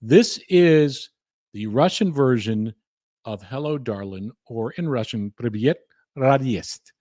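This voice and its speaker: A man's voice: mid-range voice, expressive, slow, darkish tone, no echo. A man, hosting a podcast in a chatty, enthusiastic, self-deprecating way, speaking close to the microphone. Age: 50s. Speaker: podcast host. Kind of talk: casual radio-style commentary.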